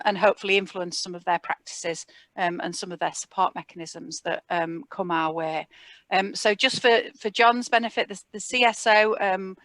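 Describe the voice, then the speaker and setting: A woman opens a community support video meeting in a relaxed, informal way. She pauses often as she thinks. The sound is dry and close, picked up by a computer mic. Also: mid-range voice, no room sound. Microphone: computer mic on a video call.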